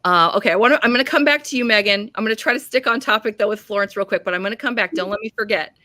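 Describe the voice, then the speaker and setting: A woman's voice: mid-range voice, rapid-fire, pushed and bright, no echo. A woman hosting a live book chat, gushing about a novel and reading out viewer comments in a casual, chatty way.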